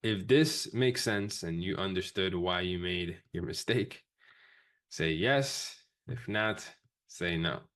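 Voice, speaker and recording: A man with a very low voice runs a live trading class. He talks quickly and casually, dropping profanity as he explains each step to his students. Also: fairly bright tone. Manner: fast, profane, casual coaching talk. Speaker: trading instructor. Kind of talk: live-streamed trading lesson.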